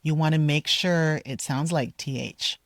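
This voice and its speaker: Out on a park walk with her dog, this low-voiced woman teaches English pronunciation, taking things slowly and calmly. She says each model word again with care and deliberation, captured in close, dry sound without room echo.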